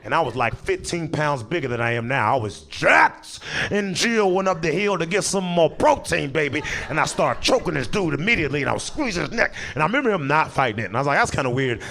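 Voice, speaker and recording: A man doing stand-up, telling a long story and acting out the people in it with quick voice changes. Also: on the high side, creaky. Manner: animated, acts out characters in quick voices, breaks into laughter. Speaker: stand-up comedian.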